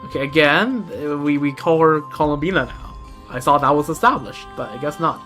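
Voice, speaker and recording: A man's voice: fairly high pitch, a little fast, pushed and bright, faint music behind. A man streaming a video game, chatting casually and joking about himself, often stammering and restarting his sentences. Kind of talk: casual gaming commentary.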